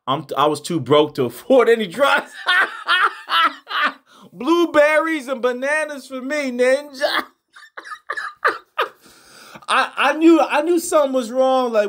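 A young man with a high voice hosts his boxing channel in loose reaction commentary. He swears freely, stumbles and repeats himself, and swings between exasperation and laughter. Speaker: host of a boxing news channel.

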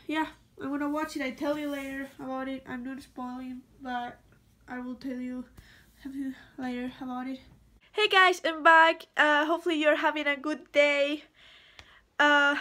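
A woman's voice: high voice, sharp tone. A young woman whose first language is Spanish, chatting casually to her vlog audience and repeating words as she thinks aloud. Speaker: vlogger.

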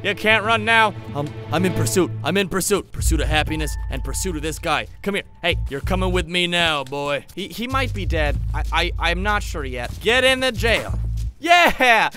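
A young man doing comedic video game commentary, excitable and giggly, with sudden yelps. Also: on the high side, moderate pace. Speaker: gaming YouTuber. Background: game music.

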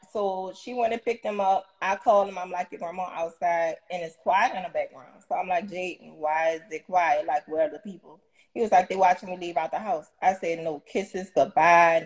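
A woman's voice: fairly low pitch, normal speed, low-quality recording. Woman animatedly retelling a family dispute. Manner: animated retelling with quoted dialogue and laughs. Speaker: interview guest. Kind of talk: casual storytelling.

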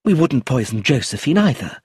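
A man voicing a curt, defensive middle-aged woman in an audiobook, with a husky lifted voice. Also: medium pitch, big pitch swings, moderate pace, a little mellow, no echo, clean studio sound, pitched above the performer's own voice.

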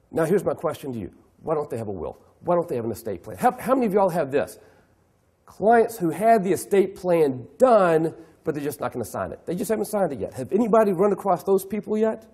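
A middle-aged man delivers a lively keynote on the economy to an audience in a high, slightly rough voice, acting out his clients' voices and putting questions to the crowd.

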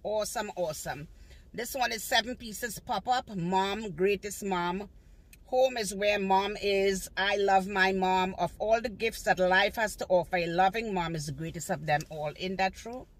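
A woman's voice: medium pitch, moderate pace. An older woman, a grandmother, showing off her shopping haul in a gushing, repetitive way from her car. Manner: gushing, repeats praise words. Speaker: haul vlogger. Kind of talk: casual haul video, showing items. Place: outdoors in a car on a sunny day.

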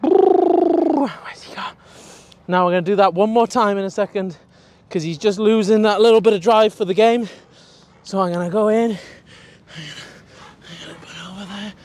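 A young man, a dog trainer explaining his work in an energetic, chatty way with casual swearing. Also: high voice, fairly quick.

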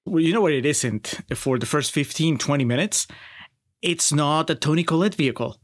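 A man's voice: a little high, lively intonation, moderate pace, no echo, studio quality. A man co-hosting a casual film podcast, chatty and enthusiastic, asking his partner questions. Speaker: podcast co-host.

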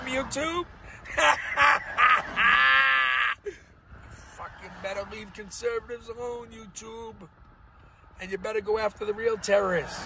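A man's voice: very high-pitched, creaky, bright, forceful tone, low-quality recording. A man vlogging from his car, rambling, swearing freely and laughing at his own jokes. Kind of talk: rambling casual monologue. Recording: outdoor traffic noise behind.

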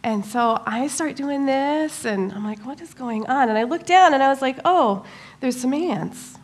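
A middle-aged woman giving a church talk, telling a personal story in an animated way, with many pauses and fillers. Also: sits high. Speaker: church speaker.

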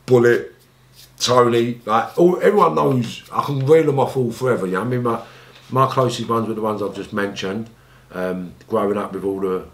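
A former gangster from England recounts his life in an interview, his London accent clear over a moderate pace in an echoey room. His telling is blunt and full of swearing, and he mimics others with high, pleading voices when re-enacting scenes.

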